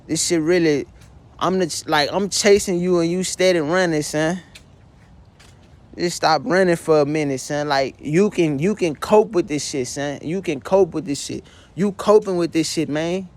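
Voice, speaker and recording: Distraught young man venting, high voice. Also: moderate pace. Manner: distraught, addresses listener as "son" constantly, profane, repetitive. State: tearful. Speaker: vlogger. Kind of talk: emotional confessional monologue. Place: his bedroom.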